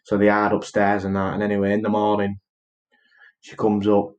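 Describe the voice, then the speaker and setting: A man's voice: on the low side, monotone, moderate pace, darkish tone, dull audio. A man co-hosting a podcast, chatting casually as he retells a film plot, with lots of fillers and restarts. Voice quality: rambling with many fillers and restarts. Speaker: podcast co-host.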